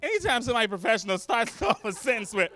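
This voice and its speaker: Animated high-voiced male stand-up comic. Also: quick pace. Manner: animated, jumps into loud character voices. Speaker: stand-up comedian. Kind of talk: stand-up set. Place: comedy club stage.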